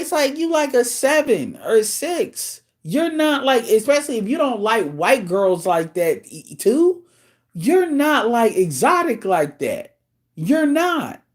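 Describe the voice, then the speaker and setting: A man's voice: very high voice, very animated, measured pace. A man ranting on his own show, blunt and profane, with a voice that swings widely up and down. He keeps circling back in disbelief, talking straight at the listener in a loose, casual way. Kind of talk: casual rant commentary.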